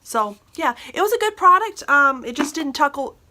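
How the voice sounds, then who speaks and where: A woman's voice: sits high, sing-song, moderate pace, hardly any pauses, bright, forceful tone. A middle-aged woman from northern Minnesota chatting casually through an honest product review, full of fillers and restarts. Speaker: beauty and household product vlogger.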